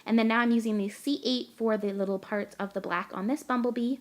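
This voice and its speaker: A woman's voice: fairly high pitch, steady tone, a little fast. A young woman from Canada, gushing and chatty as she talks through a card-making tutorial voice-over step by step.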